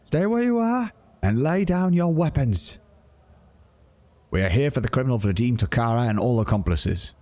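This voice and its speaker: A man's voice: medium pitch, expressive, moderate pace, voice pushed up, close to an everyday voice. A man voicing a ruthless, self-righteous female rogue trader who declaims her orders in a tabletop role-playing game. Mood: commanding. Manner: imperious, declaiming.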